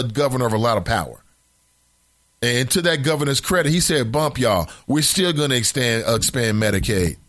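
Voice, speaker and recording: Animated opinionated male radio host. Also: a little high, no echo. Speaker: radio talk show host. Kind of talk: casual opinion commentary. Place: radio studio. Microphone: studio mic.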